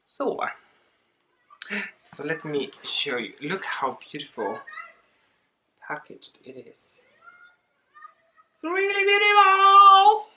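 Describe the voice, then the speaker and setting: A woman talking casually in a home unboxing vlog, excitable and giggly, gushing over what she opens. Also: extremely low pitch, takes it slowly, long pauses, lo-fi sound. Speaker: plant vlogger.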